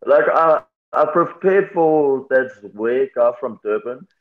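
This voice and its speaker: An MMA fighter, appearing as a guest, talks candidly and reflectively in a casual interview, laughing easily. His voice is medium-pitched, expressive and slow, and it comes through a tinny, phone-like line.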